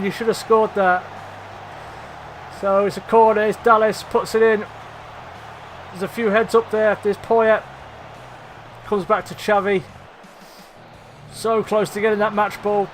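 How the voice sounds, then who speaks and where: A man's voice: sits high, a bit bright, slight background noise. A young man commentating on his own game in a casual let's-play, laughing at himself and swearing when chances are missed. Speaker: gaming commentator.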